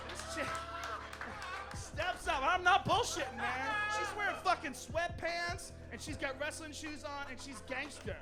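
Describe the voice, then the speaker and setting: A man doing stand-up, telling a crude story in an animated way and acting out the characters. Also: very high voice. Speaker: stand-up comedian.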